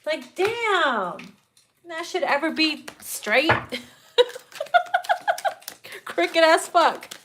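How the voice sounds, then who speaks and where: Lively, swearing woman reading tarot. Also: extremely high pitch, very slow, pauses often, a little hiss or hum. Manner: profane, laughing, animated. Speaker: tarot reader. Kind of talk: casual tarot reading chat.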